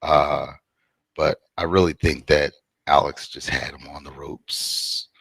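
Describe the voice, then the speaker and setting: Man, very deep voice, bright tone, lively pitch, casual swearing co-host chat, dry sound. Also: slow, vocal fry, breathy edge, no room sound. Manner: laughs a lot, relaxed, swears, says "and whatnot". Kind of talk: casual post-debate chat.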